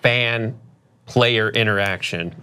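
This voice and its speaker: A man's voice: fairly low pitch, slow, sharp tone, clear, resonant tone. A man co-hosting a sports show in casual banter, rambling and restarting his thoughts.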